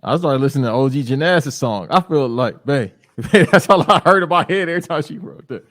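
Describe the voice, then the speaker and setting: A man's voice: a little high, animated, brisk, a bit bright. A man co-hosting a podcast, joking and swearing in casual banter. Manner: joking, profane. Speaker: podcast co-host.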